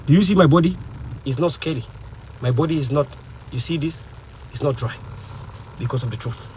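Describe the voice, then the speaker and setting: A woman giving an impassioned political monologue as an activist, emphatic and full of rhetorical questions, with a husky voice. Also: low voice, fairly quick, a little mellow, slight background noise, low-quality recording.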